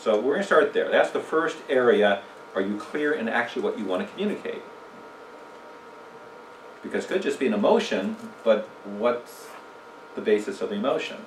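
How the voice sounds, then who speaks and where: A lowish, animated male voice moves at normal speed with long pauses, against slight background noise. He leads a conversational church seminar on communication, quizzing listeners and joking around. The mic sits at a distance in an echoey church room.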